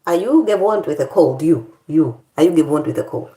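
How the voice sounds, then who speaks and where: A woman chats casually to camera, her low voice swinging widely up and down as she plays up her complaints for laughs. The sound bounces around a roomy, echoey space. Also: a little fast. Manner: animated, playfully dramatic complaining. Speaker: vlogger. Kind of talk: casual chat.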